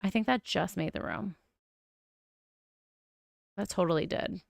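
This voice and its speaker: Young adult woman streamer, low gravelly voice, mild lisp, chatty and thinking aloud. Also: unhurried, dry recording, clean studio sound. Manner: chatty, musing aloud with frequent oohs. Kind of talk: casual game-building commentary.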